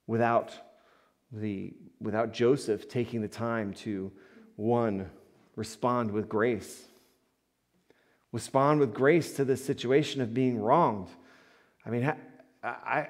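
A male pastor preaching and telling stories in a mid-pitched voice. His delivery is lively and swings from quiet, murmured asides to loud, rising peaks of emphasis. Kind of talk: sermon with storytelling.

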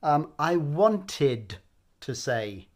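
A man's voice: a little high, sing-song, drawn-out words. A man hosting a casual language lesson, upbeat and encouraging, with frequent ums. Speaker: language teacher and host.

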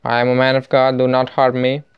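A man giving jokey let's play commentary, with excitable, panicky outbursts. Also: mid-range voice, brisk, clean tone, lo-fi sound. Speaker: gamer.

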